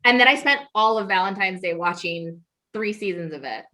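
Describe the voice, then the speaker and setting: A woman's voice: medium pitch, expressive, moderate pace, bright, forceful tone. A woman guesting on a podcast, chiming in with blunt, wry remarks in casual banter.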